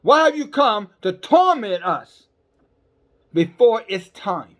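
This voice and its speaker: A fearful horde of demons, as a preacher puts it on challenges its foe in a high voice. The questions come out defiant, with little change from an everyday preaching voice. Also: male voice, big pitch swings, slow pace, fairly bright tone, heavily acted.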